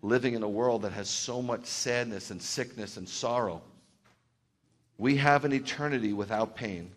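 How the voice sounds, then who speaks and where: A middle-aged male rabbi giving a conversational sermon, dropping into quiet asides and then rising to loud, excited outbursts. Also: mid-range voice, normal speed.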